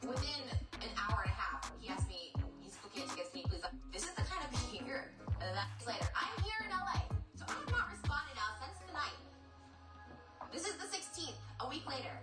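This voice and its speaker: A woman YouTuber in a played clip, telling her side in a rambling, hesitant way, full of fillers. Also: fairly high pitch. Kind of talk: vlog monologue explaining herself. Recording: distant echoey playback over loud music.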